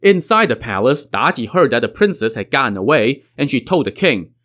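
A man's voice: mid-range voice, very animated, fairly quick, fairly bright tone. A man retelling a classic tale with wry, conversational asides. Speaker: storyteller.

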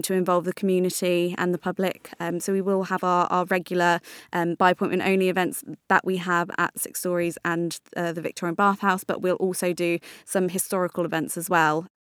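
A woman guest answers interview questions in a smooth, clear voice that sits a little low. She sounds confident but fills her pauses with ums. The sound is dry and close. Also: no echo. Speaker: interview guest, venue representative. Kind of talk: conversational interview.

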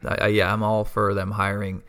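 A man's voice: lowish voice, completely flat delivery, fairly bright tone, clear, resonant tone. A man co-hosting a podcast, chatting casually and eagerly adding his own takes. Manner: enthusiastic, agreeable, quick to add his own takes. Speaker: podcast co-host. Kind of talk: casual chat.

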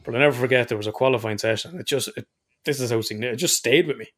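A man's voice: medium pitch, very fast, fairly bright tone. An Irish man telling rambling stories in casual podcast chat and swearing freely. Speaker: podcast co-host.

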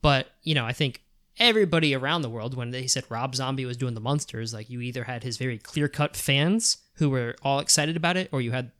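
A man's voice: mid-range voice, fairly quick, a bit bright, dry recording, clean studio sound. Rambling, chatty male podcast co-host. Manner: rambling, full of "like" and "um", laughs often. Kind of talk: casual chat about films.

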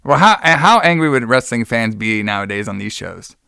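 A man's voice: mid-range voice, very animated, normal speed, vocal fry, bright, forceful tone, clean tone, no echo, studio quality. A man co-hosting a podcast in casual chat, blunt and swearing freely. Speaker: podcast co-host.

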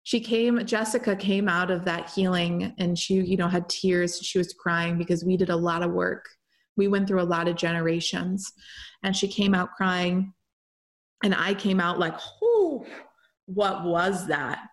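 A woman's voice: on the low side, little pitch movement, moderate pace. A young woman hosting a show, telling a personal story in a loose, chatty way with lots of fillers and run-on sentences. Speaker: podcast host and healer. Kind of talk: casual storytelling monologue.

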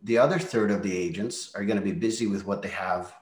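Low-voiced man telling his story, roomy sound. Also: quick pace. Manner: candid, reflective, drops into quoted asides. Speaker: real estate team leader. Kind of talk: casual interview storytelling. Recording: roomy echo.

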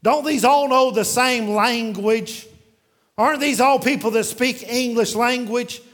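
A man preaching a sermon verse by verse, asking and answering his own questions and slowing down to read scripture aloud. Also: very high voice, a bit bright. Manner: varies pace widely, slowing down when reading scripture aloud. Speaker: pastor.

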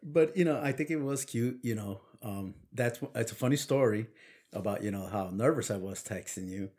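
A man's voice: on the low side, normal speed. A man with a Brooklyn accent, telling stories in a casual couple's chat and laughing often. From Brooklyn, New York. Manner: animated, laughing storyteller.

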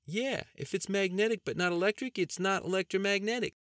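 A brash young rural cousin who whines high and loud, cackling at his own jokes, voiced by a man in a storybook reading. He argues stubbornly and never lets a point drop. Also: fairly quick, no room sound, clean studio sound. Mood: argumentative. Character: rowdy young male country cousin Andy.

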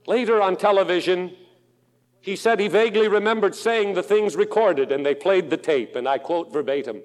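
A man preaching a sermon in an auditorium, slow and impassioned, dropping to a hush and rising to loud pleas. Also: high voice. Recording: long hall reverb.

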